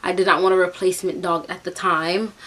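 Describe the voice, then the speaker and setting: A young woman from New York telling a storytime vlog, animated and chatty, with lots of fillers, acting out the voices as she goes. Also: lowish voice, a little fast. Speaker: vlogger.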